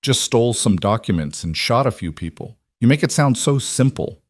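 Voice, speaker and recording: A man's voice: mid-range voice, animated, moderate pace, no room sound, clean studio sound, natural voice. A man voicing a tender frontier wife. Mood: gentle.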